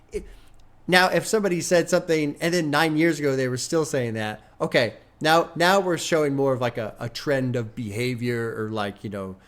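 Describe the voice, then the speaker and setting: Dude reacting to an album on stream, swears a lot, chatty, goes on little rants, middle-pitched voice. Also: male voice. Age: adult with a son. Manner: candid, profane, chatty, breaks into brief rants. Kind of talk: casual live-stream commentary.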